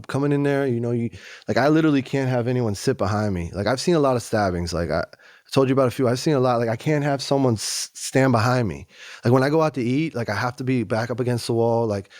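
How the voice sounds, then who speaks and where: A man telling his story in a candid, animated conversational way, often slipping in "you know" and "man". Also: mid-range voice, dry recording, studio quality. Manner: animated, acts out other voices, frequent "you know" and "man". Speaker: guest.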